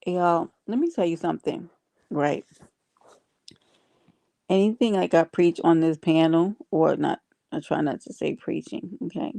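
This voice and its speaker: A woman's voice: on the low side, measured pace, gravelly, pauses often, warm tone, no echo. A woman hosting a casual livestream, chatting with viewers and reading their comments aloud. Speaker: livestream host.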